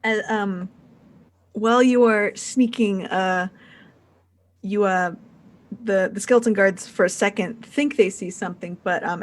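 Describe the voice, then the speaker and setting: A woman running a tabletop role-playing game as game master, narrating in a loose, rambling way with many fillers. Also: lowish voice.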